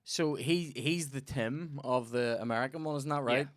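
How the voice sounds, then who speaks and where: Young Northern Irish podcast host, mid-pitched, animated sweary anecdotes, dry close mic. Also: male voice, moderate pace, dry recording. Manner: swears a lot, tells animated stories. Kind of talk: casual chat.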